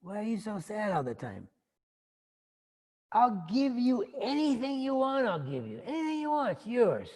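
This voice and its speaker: A man's voice: very high voice, wildly swooping pitch, normal speed, a little mellow, pitched above the performer's own voice, full character voice. A man voicing a worried, doting old king in a retold story, coaxing his son in a raised voice.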